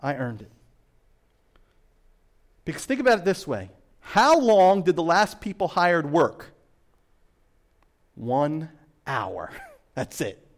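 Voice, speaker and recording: A man preaching a sermon as pastor, swinging between loud emphasis and hushed asides. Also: sits high.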